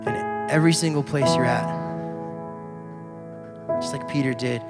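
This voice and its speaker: A man's voice: mid-range voice, unhurried. A young adult man giving a casual, conversational youth sermon as a pastor. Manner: casual, conversational preaching with fillers. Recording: loud piano music underneath. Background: soft piano music.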